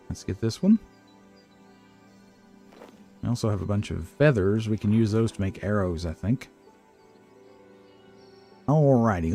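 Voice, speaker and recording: An older man chats through his first game stream in a low, mellow voice. He is hesitant and self-deprecating, and he talks to himself and to the game as he fumbles along. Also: breathy edge. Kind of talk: casual gameplay commentary.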